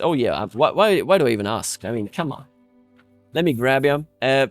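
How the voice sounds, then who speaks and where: A man's voice: medium pitch, expressive, moderate pace, no echo, faint music behind. A man from Bavaria giving playful, sarcastic commentary over his strategy game, chuckling often. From Bavaria, Germany. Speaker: strategy game video creator. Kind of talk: gameplay commentary.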